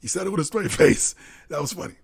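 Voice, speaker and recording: Male podcast co-host, high, rough and raspy voice, lively pitch swings; combative, profane, repetitive arguer. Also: fast. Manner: argumentative, swearing, laughing, repeats himself. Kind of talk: heated casual sports debate.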